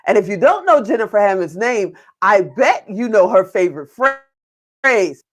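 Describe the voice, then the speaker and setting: A woman's voice: mid-range voice, very animated, moderate pace. A woman hosts a casual interview show with an effusive, gushing manner. She heaps thanks and praise on her guests and runs the chat in a plain, middle-range voice. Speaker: host.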